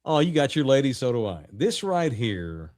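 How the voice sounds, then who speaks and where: A man co-hosting a sports radio show, telling stories in a loud, profane, animated way. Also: medium pitch, normal speed, no room sound, clean studio sound. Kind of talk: casual sports talk.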